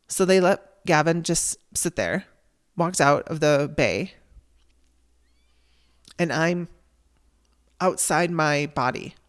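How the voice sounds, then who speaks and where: A woman hosting a podcast, telling a raw personal story in a candid, emotional way and swearing casually. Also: deep voice. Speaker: podcast host.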